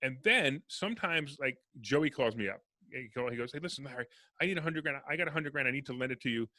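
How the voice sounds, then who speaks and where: A man talks in a casual podcast interview, rattling through stories at a quick clip. His voice has a bright, forceful edge. The sound is dry and close. He acts out both sides of each conversation. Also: mid-range voice, no room sound. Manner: fast, animated storyteller acting out dialogue. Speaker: real estate investor guest.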